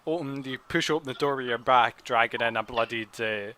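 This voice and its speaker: A man's voice: medium pitch, brisk, pushed and bright, low-quality recording. A man running a tabletop game, narrating casually with lots of restarts and hesitations. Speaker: game master. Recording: room with people chatting.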